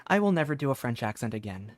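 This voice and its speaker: A woman's voice: extremely low pitch, sing-song, fast talker, no room sound. A woman streamer giving casual gameplay commentary with joking, playful asides.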